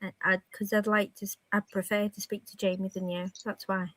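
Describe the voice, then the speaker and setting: A woman's voice: mid-range voice, little pitch movement, a little fast, a bit bright, no echo. A blunt woman on a casual live panel chat who swears and interrupts. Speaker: panel guest.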